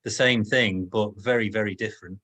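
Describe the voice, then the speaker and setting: A man on an online panel who explains a point in a measured way. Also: on the low side, fairly even intonation, a bit bright.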